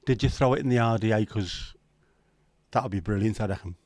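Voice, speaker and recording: A man's voice: lowish voice, fairly quick, a little mellow, no room sound. A man hosting a casual livestream chat, joking and teasing his viewers in loose banter. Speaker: livestream host.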